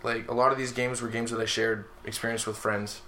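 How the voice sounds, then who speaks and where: A young man talks with his friends in a loose, excitable way, gushing over his favorites and swearing without a second thought. His voice has a bright edge to it, and a faint hiss sits underneath. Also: mid-range voice, a little fast. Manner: excitable, swears freely, gushes about favorites. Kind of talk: casual chat among friends.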